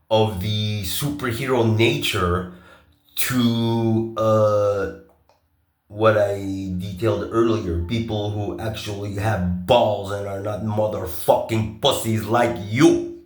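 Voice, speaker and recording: A man talking in a long, rambling monologue. He swears a lot, turns sarcastic, and stops often on filler pauses. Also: lowish voice, fairly even intonation, roomy sound. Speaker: vlogger.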